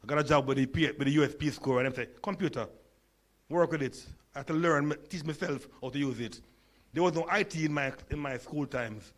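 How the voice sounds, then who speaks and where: Speaking fast in a slightly high, somewhat bright voice, this conference speaker is a Jamaican man in his sixties who stutters and lisps. His talk is humorous, built on storytelling, and he engages the audience with questions.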